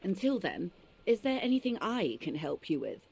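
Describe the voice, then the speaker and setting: A woman's voice: mid-range voice, sing-song, normal speed, vocal fry, darkish tone, husky, exaggerated voice. A woman voicing a poised, shrewd negotiator in a video game, speaking politely and with composure. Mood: composed.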